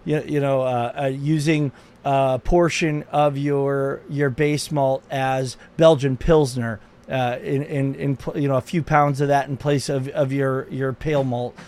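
A man co-hosting a casual cocktail and cigar tasting show, talking in halting bursts with many restarts. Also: medium pitch, fairly even intonation, a little mellow. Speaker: co-host.

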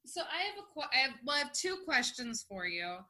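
A woman's voice: sits high, very animated, fairly quick, pushed and bright, rough recording. A woman co-hosting a podcast, putting a hesitant, rambling question to a guest. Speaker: podcast co-host. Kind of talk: interview questions.

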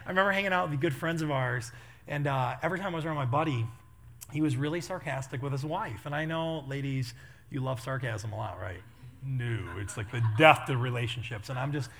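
Fast-talking, animated man preaching. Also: on the high side. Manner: animated, laughing, acts out quotes. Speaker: pastor. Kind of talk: storytelling sermon.

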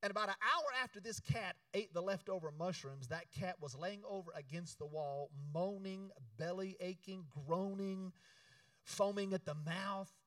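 Preacher guy, high bright voice, goes from loud to hushed, mic kinda far off in a dry room. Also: moderate pace, dry recording. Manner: emphatic, call-and-response preaching; swings between loud exhortation and hushed storytelling. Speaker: pastor. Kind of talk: sermon.

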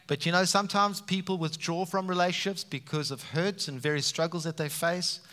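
A man preaching a sermon, animated and emphatic, with frequent rises for emphasis. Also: sits high, fairly quick. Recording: reverberant hall sound.

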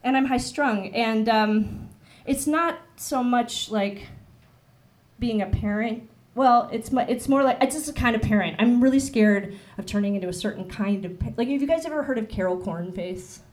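A woman's voice: on the high side, moderate pace, a little mellow. Rambling young woman doing stand-up. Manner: rambling, self-deprecating, frequent ums and laughs. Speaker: stand-up comedian. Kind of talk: stand-up comedy set. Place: club stage with audience.

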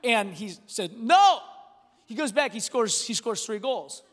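A pastor preaching a sermon, telling a family story with lots of restarts and animated delivery. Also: male voice, high voice, normal speed. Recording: long hall reverb.

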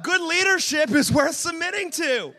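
With an extremely high pitch and an animated delivery at a moderate pace, a male pastor gives a conversational, humorous church sermon. He jokes with those gathered and builds toward emphatic shouting.

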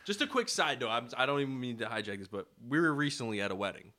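A man's voice: mid-range voice, lively intonation, fast, pushed and bright. A man guesting on a casual podcast, cutting in with wry anecdotes. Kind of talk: casual comedic chat.

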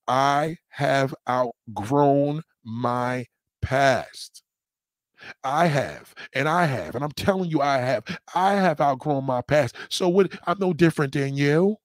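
Blunt, profane male streamer with a slightly high voice, close and dry, preaching a slow repeated mantra. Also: no echo. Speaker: livestream host. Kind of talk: motivational livestream rant.

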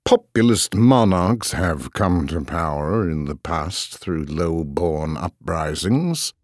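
Teasing noble knight, super deep and slow, dead dry studio sound, audiobook drama. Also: male voice, lively intonation, darkish tone, no echo, heavily acted. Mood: wary. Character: charming, wry male noble knight, betrothed.

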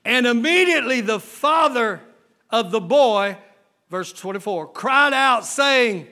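Male pastor, high bright voice, slow deliberate delivery, preaching with rising shouted passages. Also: lively intonation. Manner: builds from low retelling to shouted exhortation; folksy grammar, rhetorical questions to the congregation. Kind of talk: preaching sermon.

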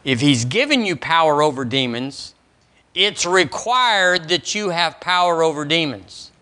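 Preaching with animation during a church service, a pastor keeps throwing questions out to the congregation. He speaks unhurriedly, with a voice on the high side.

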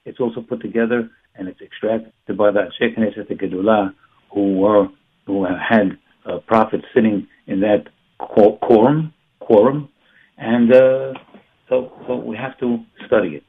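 A man's voice: fairly low pitch, steady tone, measured pace, husky. A man teaching a religious class in an emphatic, repetitive way. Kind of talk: Torah class lecture. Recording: tinny phone-like sound.

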